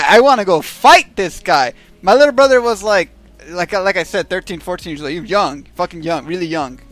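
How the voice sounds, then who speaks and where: A man's voice: high-pitched, a bit bright. A man telling a rambling, profanity-heavy story on a stream. He keeps checking in with his listeners by asking "right?". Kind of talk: casual storytelling.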